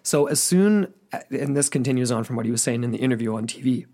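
A man's voice: medium pitch, lively intonation, fast talker, dark tone. A man co-hosting a podcast, casually retelling a witness account with chatty asides. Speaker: podcast co-host. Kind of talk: casual storytelling chat.

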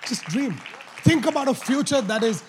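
A man preaching a sermon as pastor, moving from quiet coaxing to loud, shouted exhortation. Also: very high voice, very animated, normal speed, a crowd in the background, background noise.

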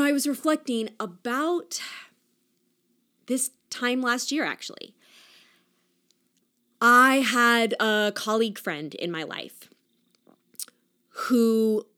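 A young adult woman with a mid-range, fairly bright voice hosts a solo podcast. She speaks in an earnest, reflective way, talks with her hands, and uses "like" as a filler often.

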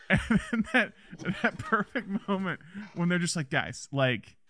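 A man's voice: high-pitched, takes it slowly, bright, forceful tone. A man casually chatting about a movie as a podcast co-host, rambling with many restarts and laughs.

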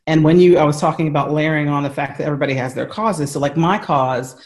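This American man speaks fast in a voice on the high side, earnestly laying out lengthy explanations as an interview guest. He stumbles through fillers and restarts, and he's on a remote call from home.

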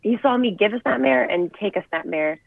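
A woman's voice: medium pitch, animated, brisk, vocal fry. A young woman wrestler, chatting as an interview guest and telling stories in an upbeat way. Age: young adult. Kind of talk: casual interview chat. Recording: tinny phone-like line.

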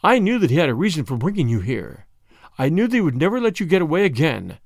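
A man voicing a weary woman in mourning who speaks quietly and reproachfully. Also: on the high side, big pitch swings, fast, vocal fry, dry recording, studio quality, heavily acted. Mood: earnest reproach.

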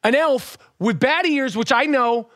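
Teasing New man with a high voice. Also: dry recording, studio quality. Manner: teasing, rapid, loud New York banter. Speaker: podcast host. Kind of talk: casual podcast banter.

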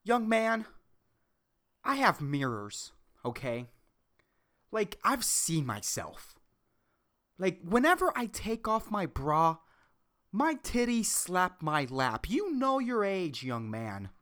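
A woman's voice: on the low side, very animated, slow, pauses often, a bit bright, full character voice. A woman voicing a blunt older lady, a big TV-watching woman who keeps asking "okay?". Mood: blunt sassy. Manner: blunt, sassy, repeats "okay?".

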